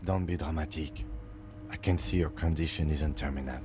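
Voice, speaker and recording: Tenente de polícia grave e seco. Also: male voice, extremely low pitch, fairly even intonation, moderate pace, over music. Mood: curt. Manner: curt, composed. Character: calm, stern male police lieutenant. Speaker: game character voice.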